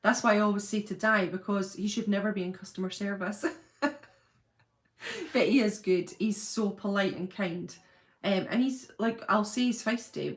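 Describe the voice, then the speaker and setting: A middle-aged woman hosting a casual livestream, chatting and laughing as she greets viewers by name. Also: medium pitch. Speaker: channel host. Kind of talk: casual livestream chat reading viewer comments.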